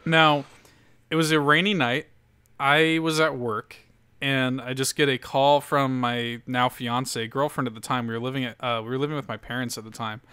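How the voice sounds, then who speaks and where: A young man from Louisiana, hosting a podcast, casually tells a long, rambling story packed with fillers and cursing, like a laid-back storyteller. His medium-pitched voice is pushed and bright, with fairly even intonation and a moderate pace. The tone is clean, with no room sound.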